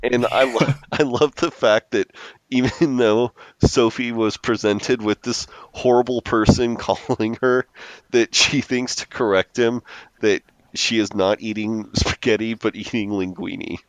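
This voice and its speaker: A man's voice: mid-range voice, steady tone, measured pace, dry recording. A man co-hosting a podcast, casually recapping a TV episode and chuckling as he recounts scenes. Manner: amused, laughs often while recounting scenes. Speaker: podcast co-host.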